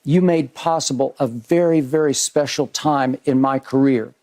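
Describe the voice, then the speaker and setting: A man hosting a sports debate show, giving an earnest, measured on-air tribute with emphatic repetition in a TV studio. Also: medium pitch, darkish tone.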